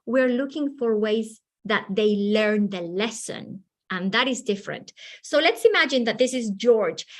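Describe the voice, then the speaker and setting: A woman teacher trainer presenting an online workshop over a video call, lively and animated, acting out children's voices. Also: medium pitch.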